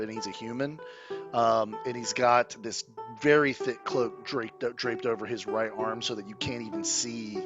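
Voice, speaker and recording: A man running a tabletop game, describing the scene casually with many ums. His voice sits at a middle pitch, and the recording is a little dull. Music plays behind him. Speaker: game master.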